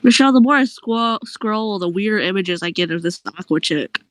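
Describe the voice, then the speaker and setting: A woman's voice: mid-range voice, lively intonation, brisk, dry recording. A woman chatting casually with friends, talkative and laughing often. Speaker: friend in a gaming chat. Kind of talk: casual chat.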